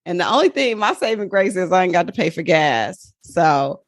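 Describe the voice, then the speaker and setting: A woman, a money coach, talking as a podcast guest in a frank, animated, slangy way. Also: on the low side, normal speed, dry recording. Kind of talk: casual podcast chat.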